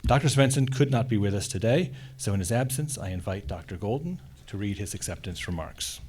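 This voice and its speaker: A man at a commencement ceremony reading a formal award introduction in a measured way, with the odd filler. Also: lowish voice, animated, a little mellow. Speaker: faculty presenter.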